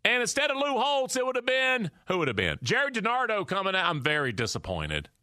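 A man's voice: very high-pitched, expressive, fast talker, bright, forceful tone, dry recording, studio quality. A man hosting a sports talk show, ranting emphatically and repeating his points. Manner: emphatic, preachy repetition. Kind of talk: animated opinion rant.

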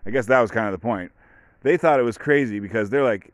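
A man with a fairly low voice talks through a solo podcast in a loose, offhand way, full of fillers. The sound is close and dry, with no room around it. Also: fast talker, dry recording. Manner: rambling, offhand, with many fillers. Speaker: podcast host. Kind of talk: casual solo commentary.

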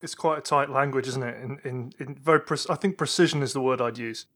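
A man co-hosting a podcast, speaking in a halting, thoughtful way that trails off. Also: medium pitch, a bit bright. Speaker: podcast co-host. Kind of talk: casual podcast chat. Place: Bath, England.

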